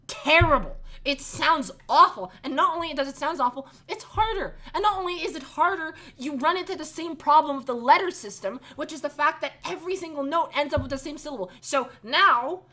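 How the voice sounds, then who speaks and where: Bright, high-voiced woman ranting. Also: lively intonation, normal speed. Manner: exasperated, emphatic, laughing at herself. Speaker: music rant vlogger. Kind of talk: comedic rant to camera.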